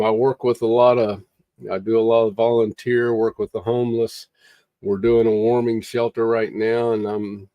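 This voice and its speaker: Man, very deep voice, mellow dark tone, earnest preachy livestream monologue, repeats phrases for emphasis. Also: no room sound. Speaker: livestream host. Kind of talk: impassioned motivational monologue.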